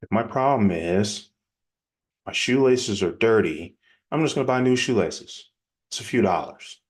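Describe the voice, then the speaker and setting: A man delivering a lively teaching session on selling, talking plainly and with energy. His voice sits on the lower side. He keeps the pace brisk and chatty, like a coach talking straight to the viewers. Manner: energetic, acts out quick example dialogues; conversational, plainspoken. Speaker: business coach. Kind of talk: casual teaching presentation.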